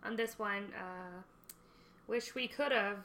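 A woman hosting a casual podcast, playful and quick with self-mocking quips. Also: medium pitch, a bit bright, a little hiss or hum. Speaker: podcast host.

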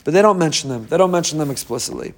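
Joking, animated Jewish religious teacher, a man. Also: on the high side, very fast. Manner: humorous, self-deprecating, conversational. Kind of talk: informal Torah talk.

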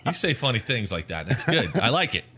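Bright-voiced man in his forties. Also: mid-range voice, brisk, a little hiss or hum. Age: 40s. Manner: animated storyteller, laughs often, mimics voices. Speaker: podcast co-host. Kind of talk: casual podcast chat.

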